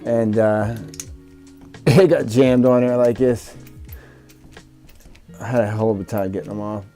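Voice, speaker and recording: A man's voice: fairly low pitch, steady tone, a little slow, warm tone. Man, drone hobby vlogger, casual, frustrated, swears and mutters, faint music behind. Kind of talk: casual talk while working.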